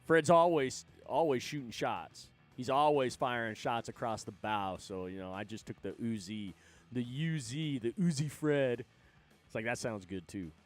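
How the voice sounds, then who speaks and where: A man talks off the cuff on a livestream, wandering from thought to thought with plenty of swearing and laughing between lines. His voice sits at an ordinary middle pitch for a man. Faint music plays underneath. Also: moderate pace. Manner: rambling, profane, laughs often. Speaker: livestream host. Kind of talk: casual livestream chat.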